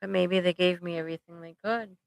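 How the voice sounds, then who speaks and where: A woman's voice: lowish voice, fairly even intonation, brisk, vocal fry, clear, resonant tone, dry recording, poor audio. A woman therapist hosting a live support stream. She talks casually and conversationally, with frequent "like" and "right?" tags, and speaks straight to her viewers. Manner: directly addresses viewers. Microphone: computer microphone.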